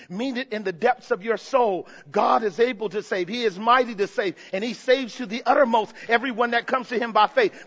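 Impassioned high-voiced preacher in a hall. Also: male voice, animated, fairly quick, highs cut off. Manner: impassioned, swings from hushed to shouting. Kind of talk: sermon.

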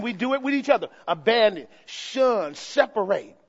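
A man preaching a sermon as pastor, swinging from soft asides to impassioned shouts. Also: sits high, very animated, normal speed, highs cut off.

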